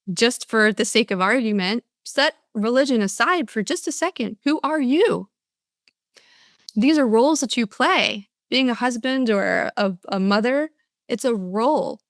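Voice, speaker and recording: A woman's voice: on the high side, measured pace, a bit bright, no echo, studio quality. An older woman giving a motivational talk as a speaker and coach, earnest, often restarting and acting out answers from her audiences.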